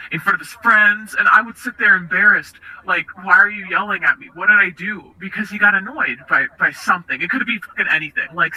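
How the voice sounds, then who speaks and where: A young woman being interviewed, recounting personal experiences in a halting, hesitant way with many restarts. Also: mid-range voice, sharp tone, poor audio. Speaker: interview guest.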